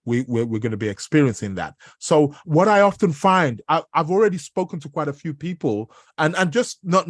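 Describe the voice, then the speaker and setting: A man's voice: on the high side, big pitch swings, a little fast, few pauses, dry recording, clean studio sound. A man hosting an astrology podcast, talking casually and rambling, with many fillers and restarts. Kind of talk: casual spoken commentary.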